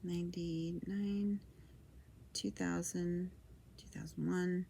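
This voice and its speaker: A middle-aged woman telling a personal story in a rambling, reminiscent way, full of fillers and restarts, sometimes dropping into a soft whisper. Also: fairly low pitch, flat delivery, slow pace, vocal fry, slight background noise.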